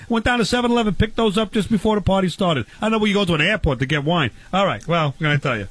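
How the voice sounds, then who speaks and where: A man's voice: sits high, rapid-fire, few pauses, fairly bright tone. A man hosting an improvised comedy sketch, brash and teasing and prone to rambling. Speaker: host.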